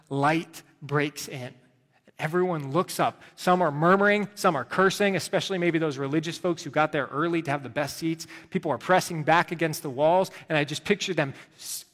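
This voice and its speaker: Pastor preaching in an echoing sanctuary. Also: male voice, on the high side. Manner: dramatic storytelling, swings between hushed and loud. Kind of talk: sermon. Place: church sanctuary.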